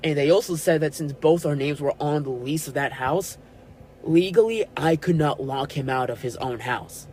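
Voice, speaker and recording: A podcast host in his twenties tells a personal story, acting out the arguments he quotes with lively energy. His voice sits on the high side at a normal speed, and the rough recording carries a little hiss or hum.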